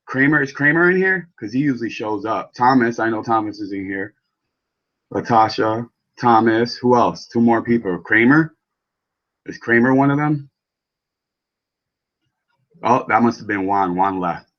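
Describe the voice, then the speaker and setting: Low-voiced man, rambling and profane. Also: unhurried, pauses often, dull audio. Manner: rambling and profane, chatting to viewers by name. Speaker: vape channel host. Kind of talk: casual live chat while building coils.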